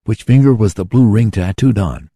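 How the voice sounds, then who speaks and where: An eager young inventor speaks briskly, as a man reads him aloud, in a deep, dark voice. His pitch moves lively, with a gravelly edge. It is a storybook reading. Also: no echo, studio quality.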